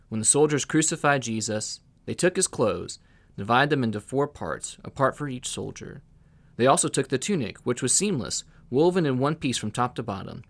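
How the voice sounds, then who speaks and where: Guy reading scripture, steady, lots of pitch movement. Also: normal speed. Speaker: scripture reader.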